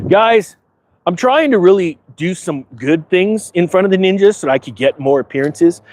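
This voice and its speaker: A man playing a smug, self-important financial advisor persona, talking sarcastically and rambling to camera outdoors. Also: high voice. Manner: sarcastic, boastful, rambling with asides. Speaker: finance vlogger. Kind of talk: comedic persona monologue to camera. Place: outdoors in front of a big-box store.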